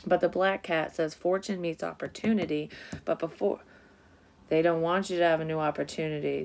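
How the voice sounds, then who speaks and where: Low-voiced woman doing a blunt psychic reading. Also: darkish tone. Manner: blunt, profane, rambling. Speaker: psychic reader. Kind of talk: casual tarot-style reading.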